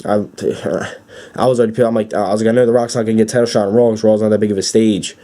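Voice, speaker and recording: A young man giving an excited, rambling fan recap with many fillers and restarts. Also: fairly low pitch, fast talker. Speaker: wrestling fan vlogger.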